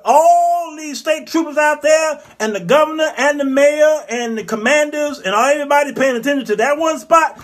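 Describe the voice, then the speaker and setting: A man hosting his own show, with a very high voice for a man. He tells comic stories in an animated way, throwing in character voices and sound effects. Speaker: show host. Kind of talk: comedic commentary monologue.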